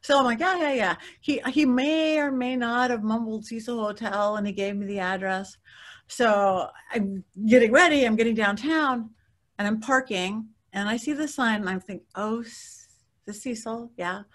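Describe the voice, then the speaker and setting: A middle-aged woman, a guest psychic, telling stories in an interview in a lively way, laughing often and acting out the voices of others. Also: a little high, normal speed. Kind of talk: animated storytelling interview.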